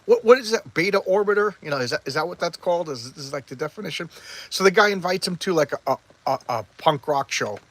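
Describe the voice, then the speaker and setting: A man's voice: a little high, animated, fast, fairly bright tone. A man casually recapping a comic, rambling and acting out the characters' lines. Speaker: comic book reviewer.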